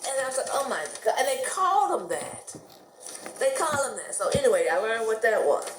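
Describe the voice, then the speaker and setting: A woman's voice: fairly high pitch, a little fast, echoey room, background noise. A middle-aged woman from the United States telling stories casually to camera, chatty and laughing often. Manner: chatty, laughs often, animated quoted voices. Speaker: vlogger.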